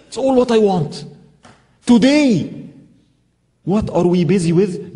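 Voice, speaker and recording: A man delivers a sermon talk in a fairly high but mellow voice. He tells stories and throws out emphatic rhetorical questions to his listeners. His voice carries a long reverb from a lecture hall. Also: expressive, measured pace, long pauses. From Egypt. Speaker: Islamic speaker.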